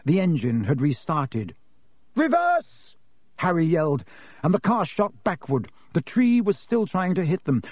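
Man, audiobook narrator, measured storybook reading, slightly high voice, dry, dull lo-fi sound. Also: no room sound.

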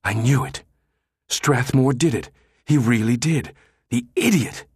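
A man voicing a sharp, bossy young woman who talks with exasperated, pointed delivery. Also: mid-range voice, animated, normal speed, no echo, clean studio sound, pitched above the performer's own voice, lightly acted.

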